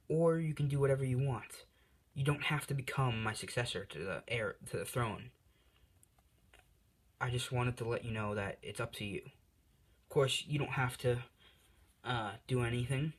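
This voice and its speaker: Gentle male devil king, a caring father, soft and rambling, put on by a man telling a story. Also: mid-range voice, natural voice.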